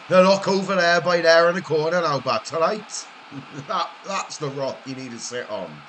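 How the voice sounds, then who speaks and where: A middle-aged Welsh man chatting and joking with viewers during a live-streamed game, with a relaxed, teasing manner. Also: on the high side, measured pace, background noise. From Wales. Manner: chatty, jokey banter with viewers, frequent laughs. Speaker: gaming streamer. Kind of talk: casual live-stream chat while gaming.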